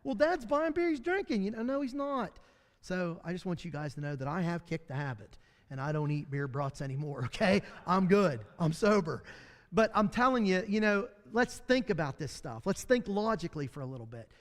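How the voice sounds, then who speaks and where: A man's voice: on the high side, animated, brisk. A man teaching a midweek Bible class in a folksy, storytelling way, with self-deprecating humor. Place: church classroom. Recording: long hall reverb.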